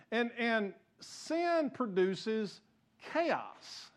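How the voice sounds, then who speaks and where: A man's voice: high-pitched, lively intonation, normal speed. A pastor preaching a sermon to his congregation, impassioned and repeating himself as he gets fired up. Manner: repeats and restarts phrases. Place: church sanctuary.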